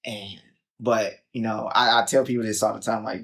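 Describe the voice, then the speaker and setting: A young man from Chicago, a podcast guest, telling his story in a casual, animated way, acting out quotes and filling with "like" and "um". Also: fairly low pitch, moderate pace, vocal fry.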